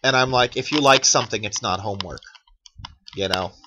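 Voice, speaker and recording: A man's voice: lowish voice, fairly quick, dull audio, noisy background. A man in his thirties ranting in a profane, sarcastic monologue as a channel host, mocking other people in put-on quotes.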